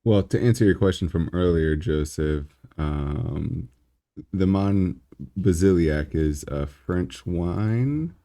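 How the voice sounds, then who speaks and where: A man on a casual podcast, measured and self-deprecating. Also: deep voice, lively intonation, mellow. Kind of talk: casual chat.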